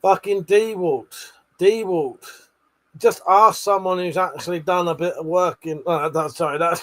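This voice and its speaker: A man's voice: fairly high pitch, fairly bright tone. A man hosting a casual late-night livestream, reading out chat messages with lots of swearing, laughter and joking banter.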